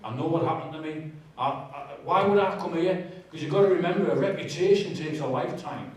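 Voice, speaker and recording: Man, testimony in church, lively storytelling, distant mic, very echoey hall. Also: on the high side, brisk. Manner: animated, self-mocking storytelling with asides. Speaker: speaker sharing his testimony.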